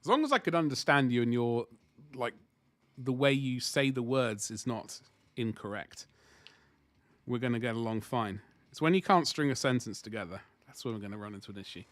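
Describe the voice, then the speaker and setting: A man's voice: medium pitch, expressive, brisk, a bit bright, dry recording. A man chatting casually on a live stream as he paints miniatures, thinking aloud and rambling with self-deprecating asides.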